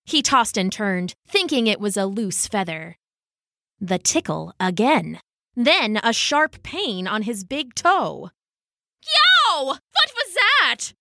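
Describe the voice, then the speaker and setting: Expressive woman reading a storybook. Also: mid-range voice, slow, no echo, clean studio sound. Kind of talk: storybook read-aloud narration.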